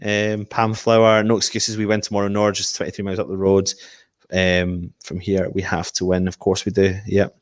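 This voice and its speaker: A man runs a casual live stream for fellow fans. His voice sits low and he talks animatedly, reading comments and tossing out predictions. The sound is dry and close. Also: fairly quick, no room sound. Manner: animated, reads out viewer comments. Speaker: host of a fan channel live stream.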